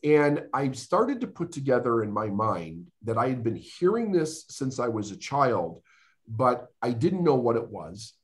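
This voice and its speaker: A man's voice: medium pitch, very animated. Earnest man telling a hard-times story. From United States. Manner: earnest, emotional storytelling with dramatic pauses. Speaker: podcast guest. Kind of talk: storytelling interview.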